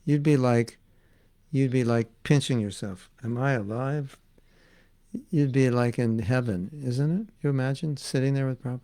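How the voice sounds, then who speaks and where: A man leads an informal devotional class, telling stories in a chatty, amused way. His mid-pitched voice has a gravelly, creaky edge. He often acts out the voices of the people in his stories. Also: normal speed, dark tone. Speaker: spiritual teacher giving a class.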